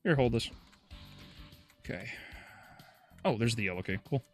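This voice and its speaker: A male streamer giving loose, casual commentary while he plays. His voice sits at an ordinary pitch but swings widely and animatedly, and he swears and laughs easily as he chats with viewers. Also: expressive, measured pace, faint music behind. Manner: chatty, swears freely, laughs often, talks to chat.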